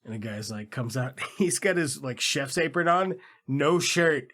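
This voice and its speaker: A man's voice: mid-range voice, lively intonation, a little slow, a bit bright. A man co-hosting a casual movie podcast, swearing freely, laughing often and acting out characters in silly voices. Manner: profane, laughing, acts out characters. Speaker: podcast co-host.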